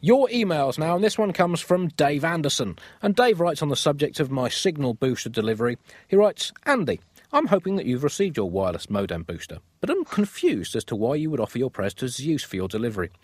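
A man's voice: a little high, sing-song, a little fast. Man telling a tale with theatrical glee. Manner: theatrical, gleeful delivery. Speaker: comedy podcast host. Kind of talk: comic storytelling.

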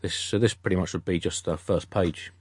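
A man's voice: low voice, steady tone, brisk, slight background noise. A man co-hosting a podcast in casual banter, joking wryly. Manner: wry, dry joking. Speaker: podcast co-host.

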